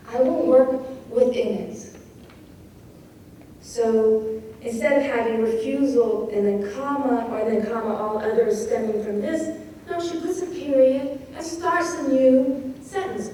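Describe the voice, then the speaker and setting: A woman's voice: a little high, slow, mellow. A woman teaching a poetry craft talk, reading lines aloud with emphasis and reflection. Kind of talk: lecture analyzing a poem. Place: lecture hall. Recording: distant, very echoey hall recording with faint noise.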